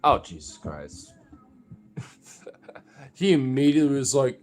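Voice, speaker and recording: A man talking casually and profanely, rambling with fillers and restarts, sometimes jumping into high playful baby talk with his pets. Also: big pitch swings, unhurried, darkish tone.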